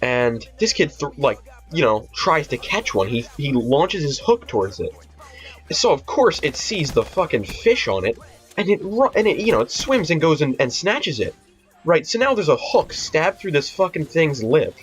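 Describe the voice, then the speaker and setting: A man's voice: on the high side, sing-song, normal speed, husky. A teenage boy telling a rambling, profane storytime vlog, full of fillers and restarts. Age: teens. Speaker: vlogger. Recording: dull lo-fi audio with faint music.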